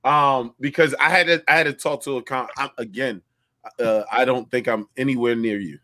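A man's voice: medium pitch, steady tone, normal speed, sharp tone. A man co-hosting a casual chat, talking with restarts and street slang. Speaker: podcast co-host.

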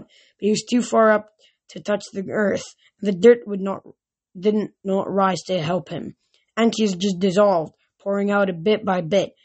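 A woman reading a novel aloud, often tripping over words and restarting, with louder shouted lines. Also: mid-range voice. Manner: reads aloud with frequent slips and restarts. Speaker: reader. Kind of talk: amateur audiobook reading.

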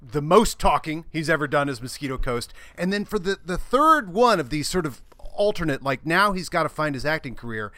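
An enthusiastic man on a film podcast whose voice sits a little high and swoops lively up and down. The sound is bright and dry, close to the mic. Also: a little fast, few pauses, no echo. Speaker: podcast guest. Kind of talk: casual film discussion.

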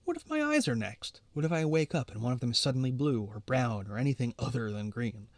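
A man's voice: medium pitch, big pitch swings, fairly quick, no echo. A man voicing an anxious brooding teenage boy. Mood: urgent.

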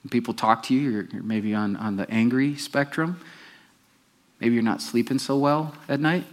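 A man's voice: mid-range voice, moderate pace. A male pastor giving a conversational sermon, often putting questions to the congregation.

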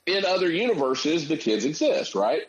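A man's voice: on the high side, big pitch swings, moderate pace, low-quality recording. Man making his case in casual podcast talk. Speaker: podcast co-host. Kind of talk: casual chat.

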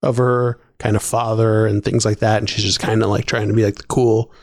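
A man's voice: fairly low pitch, little pitch movement, fairly quick, a little mellow, dry recording, studio quality. A man co-hosting a podcast, talking chattily with lots of "like" and "um" in a casual discussion. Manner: chatty, filler-heavy, laughs often. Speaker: podcast co-host.

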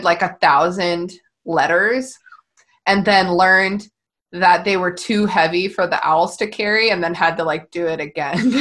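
A woman's voice: lowish voice, fairly bright tone. A woman co-hosting a podcast, chatting casually about a film, laughing often and swearing now and then. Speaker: podcast co-host.

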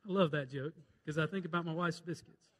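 A male pastor delivers a fervent sermon in a high, bright voice. He quotes scripture and tells jokes, his delivery swinging from loud urgent calls to hushed, pleading lows. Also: brisk.

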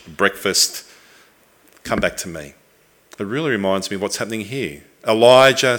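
Earnest, bright-toned male preacher. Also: lowish voice. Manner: earnest, reflective, with pauses and restarts. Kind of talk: sermon.

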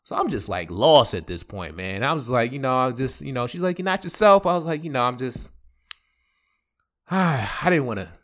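Aave dude on his podcast telling a breakup story, pitch all over the place, does the voices. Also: normal speed. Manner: animated, acts out quoted voices, laughs often. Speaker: podcast host. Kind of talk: casual storytelling.

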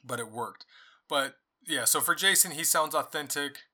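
A man's voice: on the high side, normal speed, sharp tone. A man hosting a book club podcast, talking casually through his thoughts on a novel with frequent restarts and asides. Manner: conversational, thinking aloud with many restarts and asides. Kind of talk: casual solo book review.

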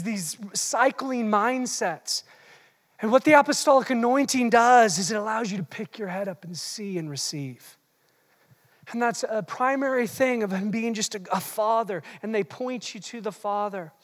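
An animated preacher delivers a sermon, teasing the congregation and shifting between soft asides and shouted points. The voice sits at a middling pitch and carries a long reverb from the large hall it is recorded in. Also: normal speed.

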